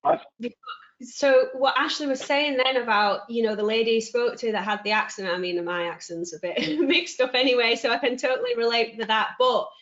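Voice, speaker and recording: Brief: woman, mid pitch, eager panellist, dull call audio. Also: fairly bright tone. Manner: eager, jumps in to add points. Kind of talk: webinar panel talk.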